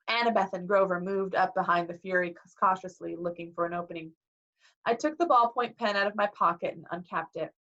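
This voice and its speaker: A woman reading a novel aloud in a lively way, acting out the dialogue, on a dull lo-fi recording. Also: on the low side. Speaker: reader.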